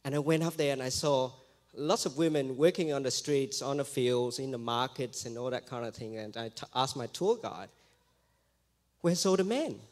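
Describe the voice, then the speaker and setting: Missionary man telling a lively story. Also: mid-range voice, normal speed. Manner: lively storytelling, acting out quoted voices. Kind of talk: church mission testimony.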